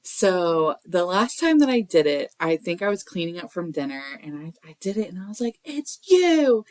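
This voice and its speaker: Lady podcast host w a lowish voice, animated storyteller, super dry sound. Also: normal speed, no room sound. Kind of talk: casual chat.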